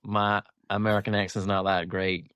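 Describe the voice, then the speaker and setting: A man's voice: on the low side, level tone, normal speed, fairly bright tone, smooth, no room sound, studio quality. A man co-hosting a podcast, speaking modestly and hesitantly. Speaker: podcast co-host. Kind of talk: casual chat.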